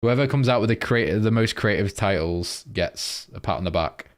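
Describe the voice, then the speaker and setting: A man's voice: on the low side, normal speed. A young man, casually going over forex charts on a live stream and reading out viewer comments.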